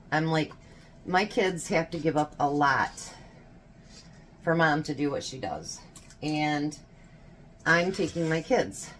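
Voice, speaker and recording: A woman in her fifties talks her way through baking in a home kitchen, swapping family stories and laughing often. Her voice sits low and easy, and a faint hum runs under the recording. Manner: chatty storytelling, laughs often. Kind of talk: casual chat while baking.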